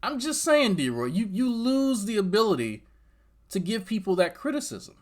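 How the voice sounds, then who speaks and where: A male host reacts to a clip with profane, mocking commentary and addresses its subject directly. His pitch rises and falls a lot as he talks. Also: big pitch swings, normal speed.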